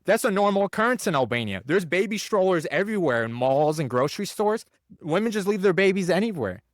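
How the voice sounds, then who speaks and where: Lively young man telling a story. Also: sits high, a little fast, no echo, studio quality. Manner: animated storyteller, acts out quoted voices, many fillers. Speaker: podcast host. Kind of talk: casual storytelling chat.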